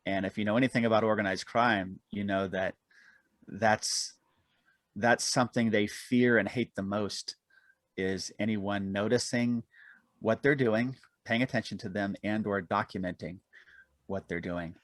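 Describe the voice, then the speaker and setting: A man's voice: lowish voice, steady tone, a little slow, dry recording. A man being interviewed on a podcast, telling long self-deprecating stories and laughing often. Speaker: guest, aerial cameraman and author.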